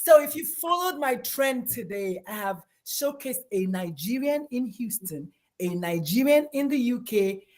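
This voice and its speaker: A woman's voice: fairly high pitch, very animated, unhurried, hardly any pauses. A woman pediatrician speaking as a guest, giving passionate and emphatic praise.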